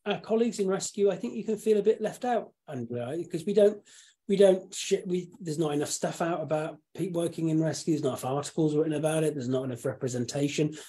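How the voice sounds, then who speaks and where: A man hosting a casual live chat, rambling with restarts and frequent throat clearing. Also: fairly high pitch, fast talker, mellow. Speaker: host.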